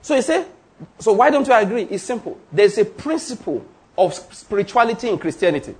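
A man preaches with a high, bright voice that leaps up and down in pitch. He drives his points home emphatically, asking questions and waiting for the congregation to call back. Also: sing-song, brisk. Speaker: pastor. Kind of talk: sermon.

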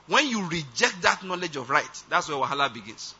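A man's voice: fairly high pitch, big pitch swings, brisk, few pauses, sharp tone, slightly rough. A man preaching a conversational sermon, often checking whether listeners follow his point. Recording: dull lo-fi sound.

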